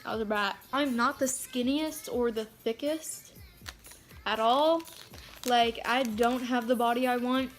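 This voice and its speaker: A woman's voice: a little high, steady tone, unhurried, soft background music. Chatty teen girl ranting on camera. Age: teens. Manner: chatty, frank, swears freely, lots of "like". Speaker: vlogger. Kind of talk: casual rant to camera. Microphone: phone camera.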